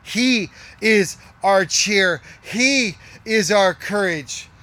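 A middle-aged male pastor delivering a sermon in a notably high voice. He presses his points with emphasis and says key lines twice, sometimes sinking to a near hush. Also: expressive, very slow. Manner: emphatic, repeats key lines, drops to a hush for quoted words.

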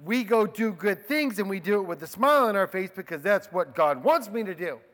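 High-voiced male preacher in a reverberant hall. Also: lively intonation, a little fast. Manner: swings from hushed low asides to loud emphatic stresses; conversational, addresses the men in the room. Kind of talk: sermon.

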